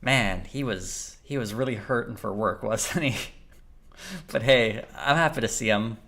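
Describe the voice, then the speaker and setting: A man's voice: lowish voice, unhurried, fairly bright tone. A man streaming live, chatting and reacting in a rambling, amused way.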